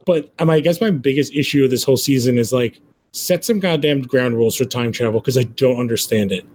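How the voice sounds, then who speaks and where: A man's voice: medium pitch, a little fast, a little mellow. Puzzled man with faint background noise. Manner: puzzled, questioning, retelling scenes. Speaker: podcast co-host. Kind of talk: casual chat reviewing TV episodes.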